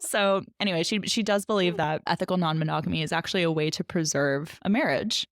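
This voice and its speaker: A woman's voice: on the low side, fast talker, dry recording, studio quality. A woman co-hosting a podcast in casual chat, chatty with many fillers and frequent laughs. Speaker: podcast co-host.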